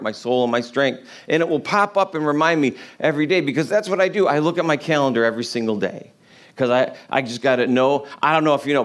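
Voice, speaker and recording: A man delivering a sermon as a pastor. He talks in an easy, conversational way and keeps asking the listeners questions. His voice sits a little higher than most men's. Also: a bit bright. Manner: conversational preaching with rhetorical questions.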